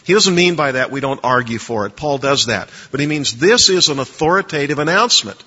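A man's voice: on the high side, animated, moderate pace, few pauses, pushed and bright, breathy edge. A man lecturing a class on preaching, emphatic, quizzing listeners to fill in blanks in their notes. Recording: dull lo-fi recording with long reverb.

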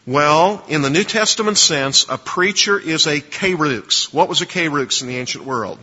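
A man's voice: on the high side, normal speed, bright, forceful tone, breathy edge. Emphatic male lecturer in reverberant hall. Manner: emphatic, quizzes listeners to fill blanks. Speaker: seminary lecturer on preaching. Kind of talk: classroom lecture. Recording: dull lo-fi recording with long reverb.

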